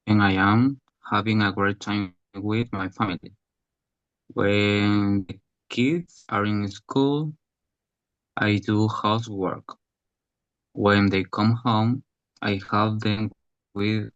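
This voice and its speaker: A man who is a Spanish-speaking student reading a short text aloud in English class, careful and halting. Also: on the low side, a bit bright, dry recording, dull audio.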